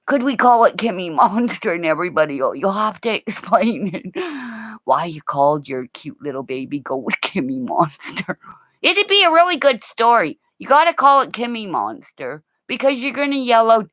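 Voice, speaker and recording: Middle-aged lady rambling on her livestream, excitable, gasps a lot, dry close sound. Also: medium pitch, normal speed, dry recording. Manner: excitable, gasping, drops into whispers. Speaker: livestream host. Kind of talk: rambling casual livestream chat.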